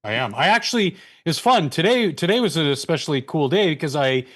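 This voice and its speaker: A man's voice: fairly high pitch, big pitch swings, fairly quick, a bit bright. Man, young adult, from Canada, rambling, profane, panel chat.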